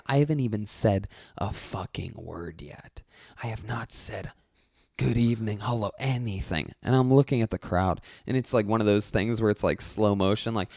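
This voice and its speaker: Animated, exasperated male comedian. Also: medium pitch, moderate pace, no echo, studio quality. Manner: animated, profane, exasperated storytelling. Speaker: comedian guest. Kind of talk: podcast storytelling.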